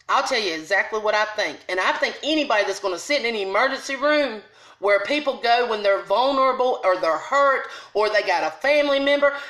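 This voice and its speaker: A middle-aged woman vlogger rants angrily and bluntly to camera in a storytime about a confrontation, using casual dialect grammar. Her voice is high and sharp, and the rough recording sounds roomy.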